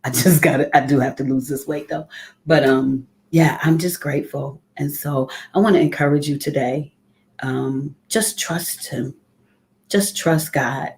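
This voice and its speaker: Low gravelly-voiced woman preaching. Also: a little slow, darkish tone. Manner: heartfelt, conversational, greets viewers by name. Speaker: ministry leader. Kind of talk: live morning devotional.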